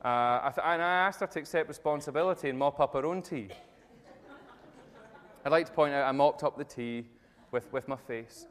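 A man giving a jokey, energetic talk to a live audience, telling stories and speaking directly to the crowd. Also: a little high, normal speed. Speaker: motivational speaker. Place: event room with tables and audience. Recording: long reverb of a large hall.

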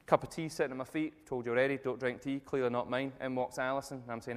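A man giving a jokey, energetic talk to a live audience, telling stories and speaking directly to the crowd. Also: medium pitch, quick pace, clean tone. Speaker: motivational speaker. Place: event room with tables and audience. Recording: long reverb of a large hall.

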